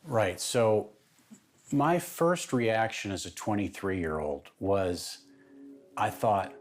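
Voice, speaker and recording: Male guest, lowish voice, emphatic personal storytelling, soft music underneath. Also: slow. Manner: emphatic, builds in intensity. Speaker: interview guest.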